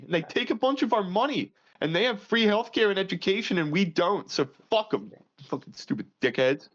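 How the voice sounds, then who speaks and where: A man with a fairly high voice rants crudely on a casual podcast, jumping from loud outbursts to low mutters. The audio sounds muffled and lo-fi. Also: expressive, a little fast. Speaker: podcast co-host.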